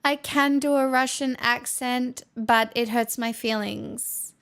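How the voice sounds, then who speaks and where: A woman's voice: fairly high pitch, fairly even intonation, takes it slowly, gravelly, a bit bright. A young Australian woman chatting casually on a live stream, playful and a little dramatic. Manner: playful, self-mocking, dramatic. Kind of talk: casual chat.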